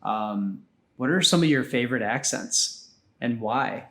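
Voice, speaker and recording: A man's voice: mid-range voice, expressive, unhurried, bright, forceful tone, slight background noise. A man hosting a podcast, encouraging his guest with frequent short affirmations. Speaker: podcast host. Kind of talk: casual interview talk.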